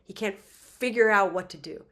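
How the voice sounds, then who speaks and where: A woman giving a spiritual talk, telling a myth in a lively, conversational way with casual asides. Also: mid-range voice, normal speed. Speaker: spiritual teacher. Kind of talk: casual storytelling lecture.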